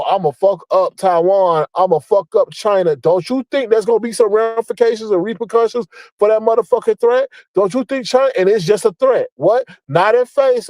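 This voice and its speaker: A man with a high-pitched voice delivers a blunt, profane rant, scolding and mocking as he hammers his points home by repeating them. The sound is dry and close, with no room around it. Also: mellow, no echo, rough recording. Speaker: online commentator. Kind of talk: ranting commentary.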